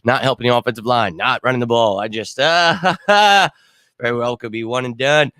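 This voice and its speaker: A man hosting a sports fan show, ranting bluntly and swearing after a loss, his throat hoarse from screaming. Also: mid-range voice, steady tone, fast talker, fairly bright tone, no room sound, clean studio sound. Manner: fired-up, blunt, swears, repeats himself. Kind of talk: casual postgame fan rant.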